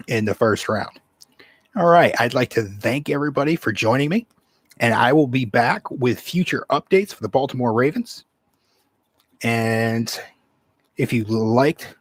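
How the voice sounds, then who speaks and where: A man's voice: medium pitch, dry recording. A man hosting his own sports channel, talking casually in a rambling way full of fillers and restarts. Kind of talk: casual solo sports commentary.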